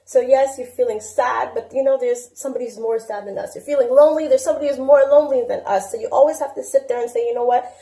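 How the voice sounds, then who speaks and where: A woman's voice: sits high, fast, hardly any pauses, warm tone. A woman in her twenties giving advice in a casual monologue, telling stories and acting out the dialogue. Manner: storytelling, acts out dialogue. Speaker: organization president giving advice. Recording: roomy echo.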